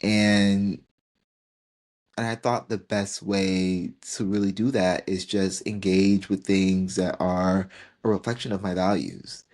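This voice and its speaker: Deep-voiced and slow, with a darkish tone and little movement in pitch, a man in his 20s hosts a podcast. He gets teary while reflecting emotionally on turning a year older.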